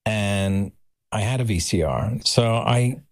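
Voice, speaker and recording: A man telling a story as a podcast guest, animated and acting out voices. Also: fairly low pitch, slow pace, no room sound. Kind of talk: anecdotal storytelling.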